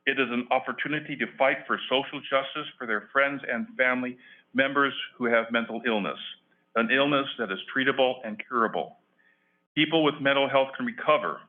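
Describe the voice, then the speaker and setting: A retired older man giving an earnest prepared public comment at a county board meeting, reading with emphatic pauses. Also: mid-range voice. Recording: phone-like lo-fi meeting audio.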